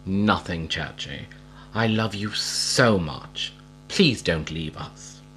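An excitable, soft-hearted little boy with an eager, wavering way of speaking, as a man reading a storybook puts him on. The voice climbs well above the reader's low natural register and swings widely in pitch. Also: slow, slight background noise, exaggerated voice, poor audio. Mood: pleading.

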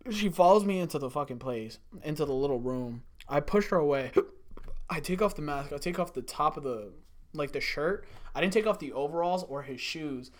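A man's voice: on the high side, animated, normal speed. A young man rambling through a profane workplace story in casual chat, full of "like". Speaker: storyteller, former restaurant worker.

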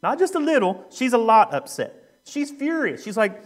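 A young adult man, a youth minister, preaching a sermon in a relaxed, joking way with lots of ums and uhs. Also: very high-pitched, normal speed. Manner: conversational, joking, with frequent fillers. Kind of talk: sermon with a humorous story.

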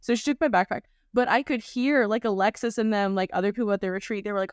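Woman host, smooth clear voice, dry close sound, chatty and candid. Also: medium pitch, fast, hardly any pauses, no echo. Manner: candid, storytelling, acts out quoted voices. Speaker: podcast host. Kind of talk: casual podcast chat.

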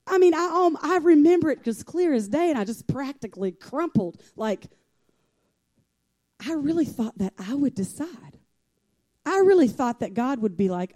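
Warm, folksy woman preaching a sermon. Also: sits high, sing-song, normal speed. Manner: folksy, conversational preaching with calls for amen.

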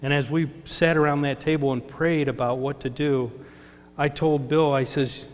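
A man's voice: fairly high pitch, fairly even intonation, normal speed. Man preaching in an echoing hall. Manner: storytelling, acts out quoted dialogue. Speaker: lay speaker giving testimony. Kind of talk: sermon testimony. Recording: reverberant hall with mains hum.

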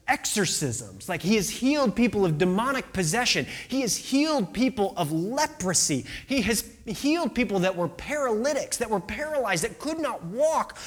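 Animated preacher, slow and expressive, acts out quotes, draws listeners in. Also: medium pitch, breathy edge. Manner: asks the listeners questions. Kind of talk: sermon.

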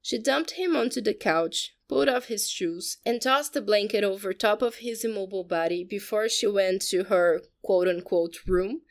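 A woman narrating a story in a steady, even audiobook style. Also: medium pitch, normal speed, few pauses.

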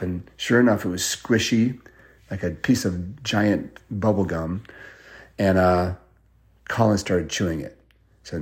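Man telling an animated bedtime story. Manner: animated, jumps to high excited voices for quoted characters; drops to a soft, hushed voice at suspenseful moments.

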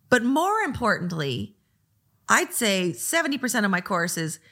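A woman who teaches a design course, talking casually about what her lessons cover, with lively acted asides. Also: mid-range voice. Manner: chatty, restarts often, lively acted asides. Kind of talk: casual talk to camera.

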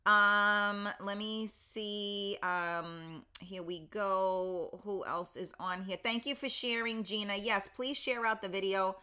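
A woman's voice: mid-range voice, steady tone, takes it slowly, hardly any pauses, pushed and bright, clear, resonant tone. A woman around fifty hosting a casual live stream, chatty and reading viewers' comments aloud with lots of fillers, a little foggy and in pain. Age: 50s. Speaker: livestream host.

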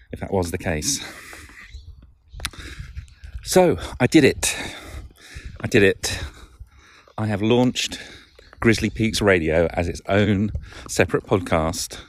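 A man's voice: deep voice, no room sound. A man with a Lancashire accent hosting a casual solo podcast, rambling and self-deprecating with frequent chuckles. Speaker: podcast host.

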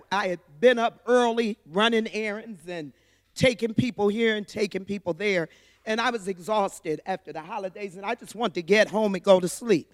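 A woman's voice: medium pitch, fairly bright tone, no room sound, clean studio sound, big-room sound. A woman sharing a personal testimony at church, telling her story earnestly and from the heart.

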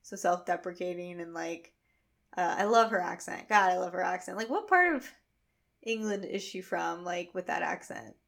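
A woman's voice: on the low side, expressive, normal speed, vocal fry, fairly bright tone. Chatty woman telling stories with many fillers. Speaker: podcast co-host. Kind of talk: casual chat.

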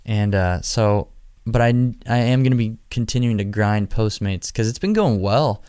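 A man's voice: fairly low pitch, lively intonation, normal speed, darkish tone, smooth, no room sound, studio quality. A young man from Nebraska hosting his podcast alone, chatting casually in a rambling, jokey, self-deprecating way. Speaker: podcast host. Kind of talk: casual solo podcast chat.

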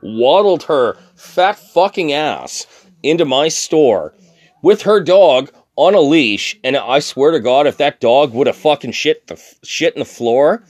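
A man's voice: on the high side, lively intonation, unhurried, a little mellow, no room sound. Drunk man in a profane heated rant. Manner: heated, swearing, stammering restarts. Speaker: thrift shop worker.

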